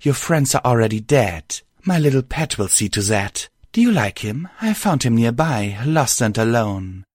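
A man's voice: medium pitch, sing-song, moderate pace, hardly any pauses, a little mellow, no echo, studio quality. A man voicing a cruel female alicorn villain who mocks and gloats in a taunting manner.

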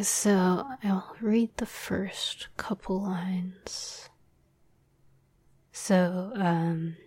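With no room sound around her, a woman speaks in a fairly low, darkish, breathy whisper while hosting the podcast she scripts. She hesitates often, puts herself down, and leans on fillers.

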